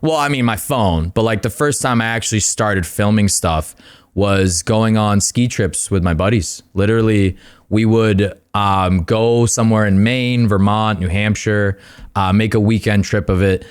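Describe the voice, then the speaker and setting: A man's voice: lowish voice, a little slow, clean tone. A young man, a podcast guest, telling a rambling story in casual chat, full of fillers and swearing.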